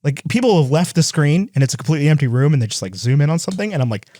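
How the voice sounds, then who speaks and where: A man co-hosting a movie podcast in casual chat, rambling quickly and laughing as he tells stories. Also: on the high side, expressive, mellow, no room sound, studio quality. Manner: fast, rambling, laughs while telling stories. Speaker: podcast co-host.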